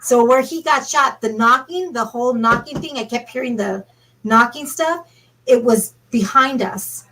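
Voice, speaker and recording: A woman's voice: on the high side, measured pace, pushed and bright, low-quality recording. A woman from Minnesota telling a ghost story as a guest, rambling and full of "like" and "you know". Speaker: paranormal investigator guest. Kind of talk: casual storytelling.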